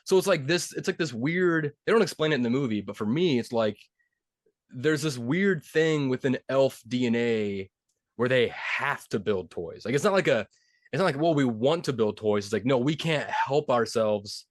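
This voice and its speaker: A man co-hosting a podcast, retelling a movie in a rambling, animated way with lots of fillers. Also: mid-range voice, normal speed, no echo, clean studio sound. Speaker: podcast co-host. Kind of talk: casual chat.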